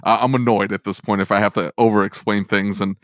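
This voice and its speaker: A male podcast host with a lowish voice talks frankly about his work. He laughs easily, and he picks up speed when something annoys him. His voice is recorded close and dry. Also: level tone, a little fast, dry recording. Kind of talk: casual podcast conversation.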